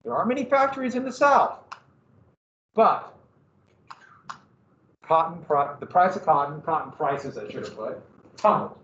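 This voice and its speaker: A man with a high voice lectures a class on history and keeps throwing questions at his students. He sounds set back from the mic in an echoey room, and the sound is a little muffled. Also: measured pace, pauses often, slight background noise. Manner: animated, asks the class questions. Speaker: history teacher. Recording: dull, roomy, from a distance.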